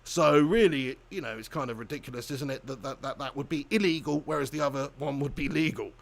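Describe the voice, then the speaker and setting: A man's voice: medium pitch, a little fast, gravelly. A man hosting a live stream, chatting casually and giving rambling, opinionated views with repeated words. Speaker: host of a live match watch-along.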